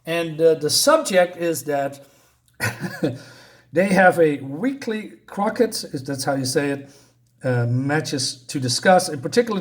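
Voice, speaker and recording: A man talking through a comic in a loose, casual review. His voice sits a little high for a man, and he stumbles along with frequent ums, restarts and tag questions. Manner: hesitant, many ums and restarts.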